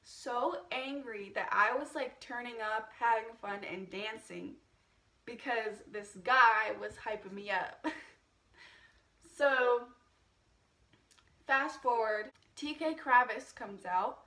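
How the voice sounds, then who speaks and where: A young woman recounts a story in a casual, chatty storytime style. She laughs often and swears freely. Her voice sits a touch high and is picked up a little away from the mic. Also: takes it slowly, sharp tone, reverberant, far from the mic. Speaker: vlogger.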